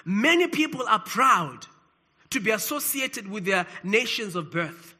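Male pastor from South Africa, sermon delivery, very high bright voice, emphatic rises and soft drops. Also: big pitch swings, unhurried, husky.

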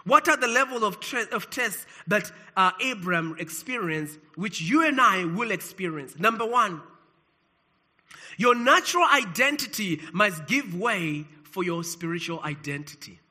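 A man from South Africa preaching a sermon as pastor, swinging between emphatic rises and sudden soft drops. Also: high-pitched, animated, measured pace.

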